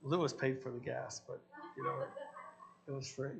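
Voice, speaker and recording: Gravelly-voiced man preaching. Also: mid-range voice, heavy background noise. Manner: storytelling, acting out his own quoted dialogue. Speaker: pastor. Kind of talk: sermon with personal stories.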